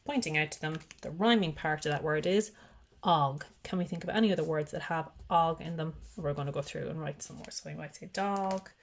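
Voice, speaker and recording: Calm instructional teacher, female, slightly low pitch, sounds out letters one at a time for parents. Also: slight background noise. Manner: patient, explains step by step, sounds out letters slowly. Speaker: teacher showing parents a literacy activity. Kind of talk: instructional demonstration.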